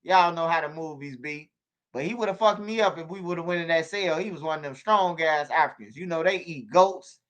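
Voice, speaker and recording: Animated man telling stories. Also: on the high side, fairly quick. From Chicago. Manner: animated, slangy, repeats himself and stammers on restarts. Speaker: channel host on a livestream. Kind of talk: casual storytelling to viewers.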